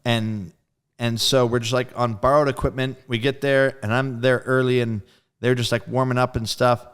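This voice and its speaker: A man with a smooth, resonant voice at an ordinary pitch, sitting in as a guest on a casual interview. He tells his story in a loose, profane way, packed with "like", and drops into the voices of the friends he quotes. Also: normal speed. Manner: animated storyteller who acts out quoted friends. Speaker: guest drummer.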